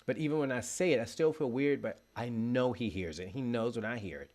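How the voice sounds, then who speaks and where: A man's voice: medium pitch, brisk, a little mellow. A man giving an earnest, encouraging motivational monologue, speaking straight to the listener as a motivational speaker.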